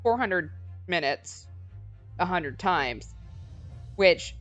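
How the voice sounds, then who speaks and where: A woman's voice: on the low side, lively intonation, drawn-out words, a bit bright, soft background music. A woman in her late twenties in a casual stream chat, blunt and casually swearing, reasoning things out aloud. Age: late 20s. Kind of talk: casual group chat on a livestream.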